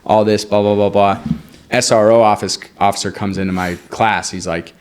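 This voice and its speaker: A young man with a somewhat low voice, talking as a podcast guest. He tells a long personal story in a loose, chatty way. He drops his voice to act out the people he quotes. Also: moderate pace, clear, resonant tone. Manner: animated, acts out quoted dialogue, frequent "like". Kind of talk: casual storytelling.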